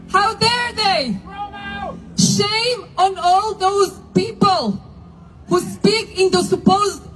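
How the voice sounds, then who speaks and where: A woman's voice: very high-pitched, fairly bright tone, rough recording. A woman from Argentina, a religious leader giving a fiery, declamatory protest speech at an outdoor rally, hammering repeated refrains.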